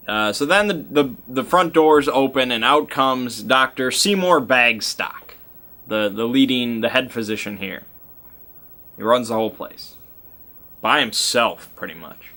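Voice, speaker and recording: Bright-sounding guy telling a chill rambly story about his game night, keeps restarting. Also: medium pitch. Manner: rambling, with many fillers and restarts, chuckling asides. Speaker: player recapping a tabletop game session. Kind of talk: casual storytelling recap.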